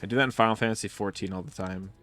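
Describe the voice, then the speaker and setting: A man with a lowish voice chats loosely while streaming a game, swearing freely and wandering through anecdotes. He laughs often between thoughts, and faint music plays under his talk. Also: very fast, fairly bright tone. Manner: casual, profane, rambling storytelling with frequent laughs. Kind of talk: casual live-stream chat while playing.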